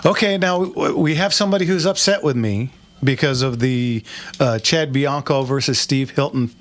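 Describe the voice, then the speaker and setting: A man's voice: medium pitch, normal speed. A man hosting a call-in radio show, folksy and easygoing, with frequent restarts. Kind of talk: casual call-in talk.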